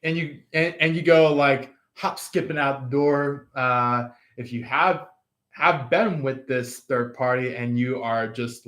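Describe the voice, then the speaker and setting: Man, casual tarot reading, slow drawl, lots of ums, roomy echo. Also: mid-range voice, a bit bright. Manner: rambling, halting, full of fillers. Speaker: tarot reader.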